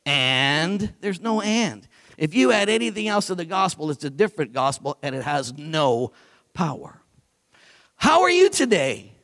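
A man preaching a sermon, animated, swinging from quiet low asides to loud, forceful declarations. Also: measured pace. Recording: long hall reverb.

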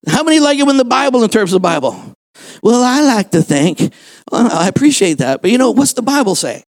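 A man with an unusually high voice preaches to his congregation. He builds to shouted emphasis and keeps throwing rhetorical questions at the room. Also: big pitch swings, a little fast, gravelly, dry recording. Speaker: pastor. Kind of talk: sermon. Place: church, before a congregation.

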